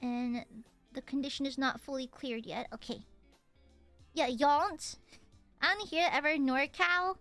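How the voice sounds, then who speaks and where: This young woman with a Southern US accent streams a game, chatting playfully with laughs and teasing. Her high, bit-bright voice stays fairly even, a little slow with frequent pauses, in a dry recording with faint music behind.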